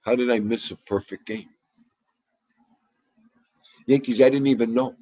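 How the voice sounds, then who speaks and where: A man hosting a casual livestream, loud and excitable, chatting straight to his viewers. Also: mid-range voice, a little slow, no echo, dull audio. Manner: loud, excitable, talks to chat. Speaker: livestream host.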